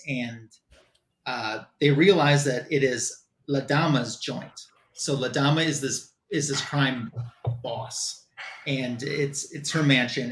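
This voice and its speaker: A man's voice: mid-range voice, roomy sound. A man casually retelling a comic book story as a show's reviewer, quoting the characters as he goes.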